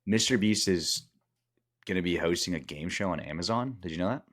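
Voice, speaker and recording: A man's voice: low-pitched, a little fast, fairly bright tone, soft background music. A man co-hosting a casual podcast, rambling and restarting his sentences, tired. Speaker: podcast co-host.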